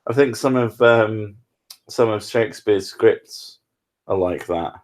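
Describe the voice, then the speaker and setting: A man's voice: on the low side, slow, darkish tone. A man streaming, chatting casually with crude jokes. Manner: joking, crude banter.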